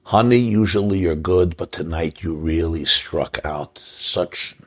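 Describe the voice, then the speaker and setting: A man voicing a husband who complains about soup in a slow, low, theatrically disgusted tone.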